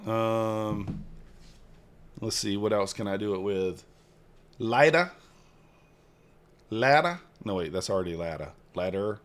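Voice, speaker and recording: A man's voice: lowish voice, level tone, unhurried. Rambling man joking with his stream chat. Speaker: futures trading live streamer. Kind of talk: casual live-stream chat.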